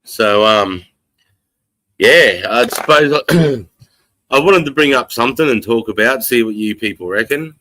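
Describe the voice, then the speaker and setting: A man's voice: medium pitch, expressive, unhurried, pushed and bright, rough recording. An Australian man hosting a casual live stream, rambling, swearing freely and reading out chat comments. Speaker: livestream host. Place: home in the countryside.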